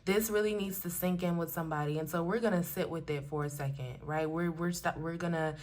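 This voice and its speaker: A young adult woman speaks straight to her viewers in a casual spiritual card reading. She talks in an earnest, affirming way, and she grows animated and emotional as she goes. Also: lowish voice, a little fast. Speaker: oracle card reader.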